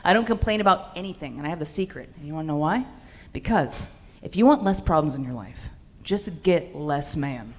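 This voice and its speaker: A woman's voice: deep voice, expressive, brisk. A young woman doing a stand-up set in a comedy club, brash and profane with punchy delivery into a handheld mic.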